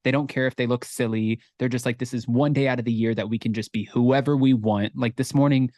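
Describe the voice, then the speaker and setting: A man co-hosting a podcast in a casual chat, relaxed and candid, rambling a little as he talks. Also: mid-range voice, fairly quick, no room sound, studio quality. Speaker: podcast co-host.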